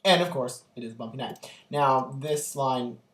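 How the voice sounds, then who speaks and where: A young man vlogging casually, telling an animated, gushing story full of ums and likes. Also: mid-range voice, normal speed. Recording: echoey room, distant from the mic.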